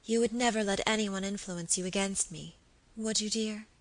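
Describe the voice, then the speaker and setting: A woman reading the part of a sweet but secretive young lady who speaks softly and coaxingly. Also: mid-range voice, fairly even intonation, moderate pace, lightly acted. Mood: whispering. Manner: soft, coaxing, at times whispered. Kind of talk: audiobook character reading.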